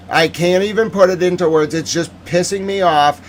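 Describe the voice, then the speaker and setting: A man's voice: on the high side, moderate pace. A man hosting a live-stream news recap, ranting with heated emotion and answering viewer chat. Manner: reads viewer chat aloud. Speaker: host.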